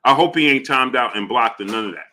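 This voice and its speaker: A man runs a casual boxing talk stream and greets his regulars one after another. His voice is bright and forward at a middling pitch. His delivery is loose and full of slang, with the same friendly greeting over and over. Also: fast, a little hiss or hum. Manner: loose, repetitive shout-outs in a friendly drawl, slips into slang. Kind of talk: casual live-stream chat, reading out viewer names.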